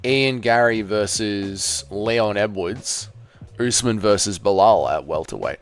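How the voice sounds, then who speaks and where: A man with a lowish, resonant, clear voice hosts a casual livestream, speaking slowly as he reads viewer comments aloud. He answers them bluntly and sarcastically, swearing freely, and the recording is dry.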